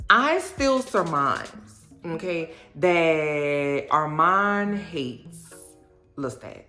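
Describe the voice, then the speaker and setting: A woman with a New Orleans accent gives a sassy, animated recap of a TV episode. Her voice sits low. She talks in an echoey room, with faint music behind her. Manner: sassy, animated storytelling with playful impressions. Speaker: recap vlogger. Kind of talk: casual chatty TV recap.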